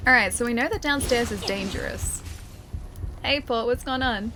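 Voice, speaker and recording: A woman's voice: fairly high pitch, normal speed, over music. A woman streaming a game live, chatting playfully with her viewers and joking as she plays. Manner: playful, chatty, jokey asides.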